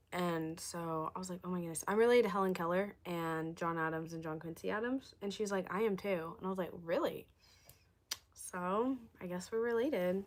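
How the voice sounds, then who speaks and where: A young woman chats loosely on her livestream. Her voice is going hoarse, and she keeps turning to address her viewers as y'all. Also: fairly low pitch. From southern United States. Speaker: livestream host. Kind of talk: casual livestream chat.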